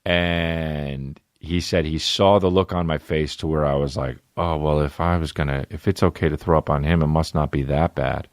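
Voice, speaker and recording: A man hosting a podcast, telling a funny family story and acting out a scared child in a high voice. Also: steady tone, moderate pace, hardly any pauses, no echo, clean studio sound. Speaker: podcast host. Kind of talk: solo comedic storytelling.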